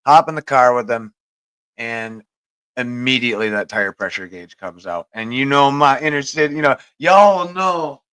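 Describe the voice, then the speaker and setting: A man's voice: medium pitch, pushed and bright, dry recording, rough recording. A man hosting a podcast, telling a long, profane story in a rambling, casual way. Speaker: podcast host.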